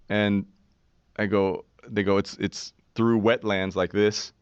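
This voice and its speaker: A man in his forties, a podcast guest, tells a story in a casual, animated, profane way, slipping into the voices of people he quotes. His fairly low voice is unhurried and smooth, and the studio mic sounds dry, dull, and a bit lo-fi, with no echo.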